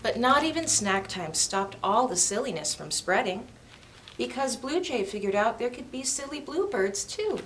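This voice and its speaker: A woman reading a picture book aloud to children at storytime, lively and expressive. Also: fairly high pitch, normal speed, slight background noise. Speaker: storytime reader.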